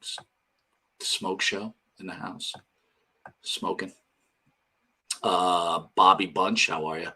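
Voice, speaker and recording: A man's voice: deep voice, fairly even intonation, slow, pauses often, bright, forceful tone, husky. Profane rambling older New man. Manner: rambling and profane, reading out chat names. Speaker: podcast co-host. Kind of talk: casual live-stream chat.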